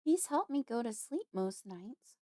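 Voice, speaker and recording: Woman doing a little girl, high, pleading, near tears, frightened, fragile, dry close recording. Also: very animated, a little slow, dark tone, no echo. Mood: anxious. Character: young half-human girl, frightened and haunted.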